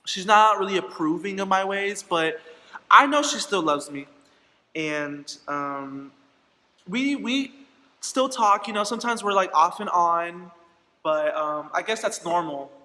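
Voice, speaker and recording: A man's voice: sits high, lively intonation, measured pace, pushed and bright. A young man vlogging a candid personal story, acting out quoted dialogue with plenty of fillers. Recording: echoey room with long reverb.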